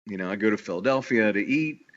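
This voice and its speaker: A bakery owner from the New York area, a man with a lowish voice, is a guest on a casual podcast interview. He talks fast and animatedly, eager and rambling with many restarts, and the audio has its highs cut off.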